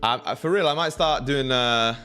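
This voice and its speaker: Casual young streamer, hypes his chat, thinks aloud, soft music bed. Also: medium pitch, normal speed. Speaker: trading livestream host.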